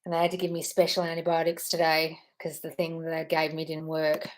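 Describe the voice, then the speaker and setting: A woman's voice: sits low, monotone, a little fast, hardly any pauses. A woman hosting a casual live stream, chatting in a scattered, apologetic way while answering viewer comments.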